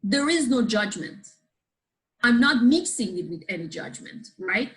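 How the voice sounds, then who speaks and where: A woman's voice: fairly high pitch, measured pace, poor audio. A woman teaching a group. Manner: lively, checks in with listeners, asks the audience questions. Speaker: guest teaching a book's ideas. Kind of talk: explanatory teaching to a live group.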